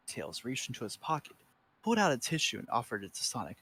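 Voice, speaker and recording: Brief: man, medium pitch, dramatic comedic narration, trips over words and corrects himself. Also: big pitch swings, fast, vocal fry, fairly bright tone, slightly rough, no echo. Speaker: reader. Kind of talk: comedic fanfiction reading.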